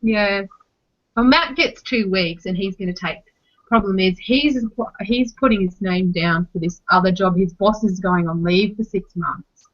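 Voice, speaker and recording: A young Australian woman in relaxed podcast chat, rattling through everyday stories with exasperated asides and casual swearing. Her voice sits at an ordinary middle pitch. The recording is slightly dull and lo-fi. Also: unhurried. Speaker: podcast co-host. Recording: slightly muffled lo-fi audio.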